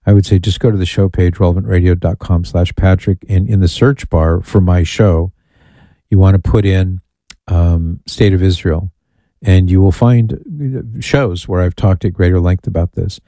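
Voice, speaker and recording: A man's voice: deep voice, fairly even intonation, moderate pace, warm tone, no room sound. A man hosting a call-in radio talk show, chatty and amused as he reads listener emails aloud. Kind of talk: casual call-in radio chat.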